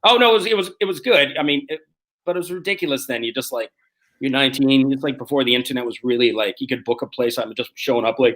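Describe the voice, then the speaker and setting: A man in his forties, a comedian guest telling rough, profane stories on a video call and acting out the quotes. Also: medium pitch, a bit bright. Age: 40s. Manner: rapid, profane storytelling that acts out quotes. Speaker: guest, street performer and comedian. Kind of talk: casual podcast chat.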